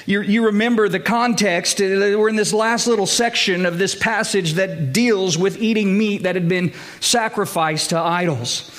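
High-voiced male pastor preaching. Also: normal speed, few pauses, a bit bright. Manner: conversational preaching, often checks in with listeners. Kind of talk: sermon.

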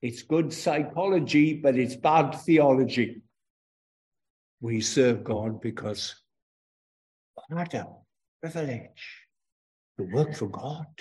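A man's voice: medium pitch, takes it slowly, long pauses, darkish tone. An older man from Wales with a Welsh accent, preaching a children's sermon with emphatic call and response.

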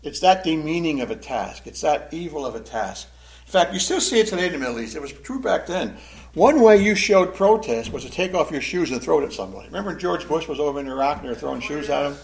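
Man, sermon, slightly high voice, animated, acts out quotes. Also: fast talker, gravelly. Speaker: Sunday school teacher.

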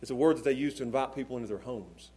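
A man preaching a sermon to a congregation in church, with a repetitive, emphatic cadence, swinging from hushed low tones to shouted emphasis. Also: very fast, breathy edge. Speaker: pastor. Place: church service before a congregation.

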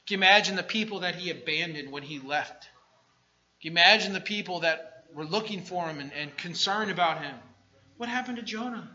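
A man preaching a sermon, swinging between quiet asides and loud shouted bursts. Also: on the high side, brisk. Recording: dull lo-fi recording.

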